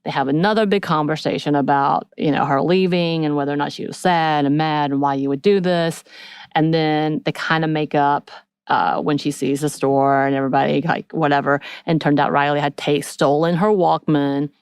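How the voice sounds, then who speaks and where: A woman's voice: sits low, normal speed, clean tone, no room sound, studio quality. A woman co-hosting a podcast, recapping a TV episode in casual chat and acting out the characters' lines as she goes. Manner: lively storytelling, acts out characters' lines. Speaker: podcast co-host.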